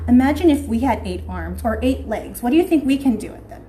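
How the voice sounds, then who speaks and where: Young woman, preschool teacher, high voice, sing-song storybook reading, echoey room. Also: lively intonation, a little fast, few pauses, mellow, slight background noise. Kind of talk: reading a picture book aloud to young children.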